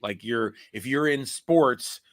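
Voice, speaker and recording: A man in his forties hosting a podcast, chatting casually and telling animated stories full of put-on quotes and laughter. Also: medium pitch, takes it slowly. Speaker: podcast host. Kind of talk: casual chat.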